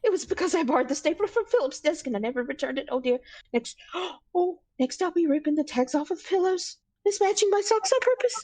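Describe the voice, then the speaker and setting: A jittery bird-man from a tabletop game spirals into worry, stammering and repeating himself as he frets, with a woman acting him out. His voice sits fairly high and bright for a man. Each word comes out flustered and breathless with alarm. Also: big pitch swings, slow, long pauses, husky, exaggerated voice. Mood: fretful. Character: fretful anxious male bird-man, easily panicked.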